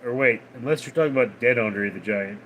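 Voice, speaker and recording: A man hosting a casual livestream, reading out viewer messages and replying in a deadpan way. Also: mid-range voice, brisk, a little hiss or hum. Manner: reads out viewer names and messages, deadpan replies. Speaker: livestream host reading chat.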